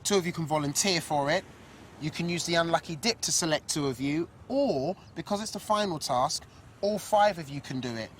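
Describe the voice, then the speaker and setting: A woman's voice: low voice, brisk, slight background noise. A woman presenting a children's game show, upbeat and teasing as she explains the rules to the kids. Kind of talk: lively TV presenting. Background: music.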